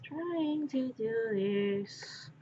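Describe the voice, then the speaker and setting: A woman streamer chatting casually with viewers while she crafts, rambling and distracted, sometimes muttering softly to herself. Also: high voice, animated, very slow, heavy background noise. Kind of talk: casual live-stream chat. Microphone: wearing headphones. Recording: dull lo-fi stream audio.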